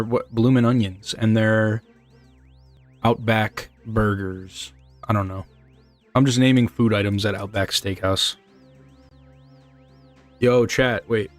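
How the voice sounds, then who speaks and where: A man's voice: fairly low pitch, steady tone, slow, long pauses, faint music behind. A young man chatting loosely with his live chat while speedrunning, rambling and joking and swearing casually as he reads messages. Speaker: streamer.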